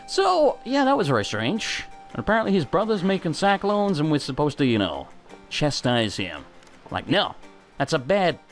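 Brief: young male let's play host, swears a lot, pitch swings wildly, soft game music under him. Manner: sweary, self-mocking, excitable. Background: faint game music.

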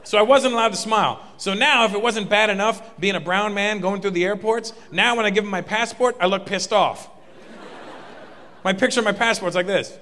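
A male comedian doing animated, punchy stand-up at a large live venue. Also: high voice, a little fast, slight background noise. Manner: animated and punchy, often building to a shout. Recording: live in a reverberant hall.

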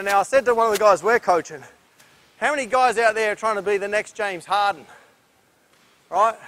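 A high-voiced Australian man runs a basketball clinic on an indoor court. He talks through defensive moves while demonstrating them and huffs from the effort. His delivery is energetic and instructive. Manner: energetic, instructive, breathless from drills. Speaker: basketball coach.

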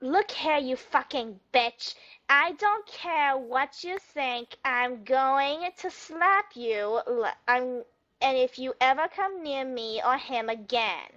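Girl doing a sassy tough woman, slow drawn-out threats, high voice, lots of swing. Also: expressive, a bit bright, highs cut off, exaggerated voice. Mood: scolding.

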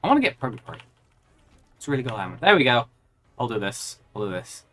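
A woman's voice: a bass voice, sing-song, fast talker, fairly bright tone, faint music behind. A woman streaming a video game, reacting aloud and chatting with her viewers as she plays. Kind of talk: live gameplay commentary.

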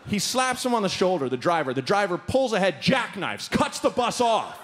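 This comedian's voice sits high and moves at a moderate pace. Onstage in front of an audience, he tells a story animatedly, voicing each character with large vocal leaps.

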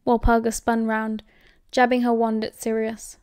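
A woman with a British accent narrating an audiobook in a steady, measured way. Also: a little high, no room sound, clean studio sound. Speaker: audiobook reader.

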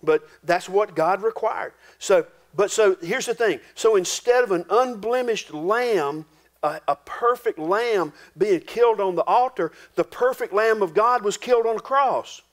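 A male pastor preaching a sermon in a folksy, homespun way, dropping low and quiet for solemn points. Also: a little slow. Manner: folksy, homespun preaching with rural turns of phrase.

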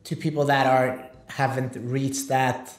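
A man's voice: medium pitch, a little slow. Easygoing male podcast host, echoey room. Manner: relaxed, hesitant questions with fillers. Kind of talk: casual interview. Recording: echoey room with faint noise.

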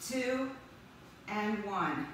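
A woman's voice: mid-range voice, lively intonation, fairly bright tone. A woman fitness instructor leading a live workout class, calling out counts and encouraging the group. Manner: brisk counting cues and upbeat encouragement. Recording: very echoey room, distant mic, faint noise.

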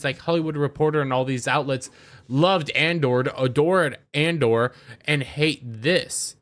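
A man's voice: fairly high pitch, fairly bright tone. A young man hosting a YouTube channel, ranting in a casual, sarcastic, mocking way and often repeating words as he starts a sentence. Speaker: YouTube commentator. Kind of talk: casual rant commentary.

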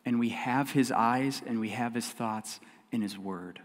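A man preaching to his congregation in an earnest, emphatic way, his voice sitting at a middling pitch. He repeats key lines and swings from loud stresses to hushed, quiet stretches. The sound carries a long reverb from the church hall around him. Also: a little slow. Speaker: pastor. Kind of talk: sermon. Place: church sanctuary.

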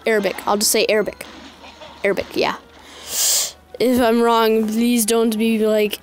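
A woman's voice: on the high side, level tone, measured pace, long pauses, a little hiss or hum. A woman giving casual gameplay commentary, exasperated and repeating her complaints aloud.

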